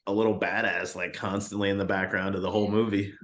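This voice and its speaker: A man's voice: lowish voice, level tone, fast, a bit bright. A man co-hosting a casual film review chat, enthusiastic and slangy, calling people "man" and "dude" a lot. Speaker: podcast co-host.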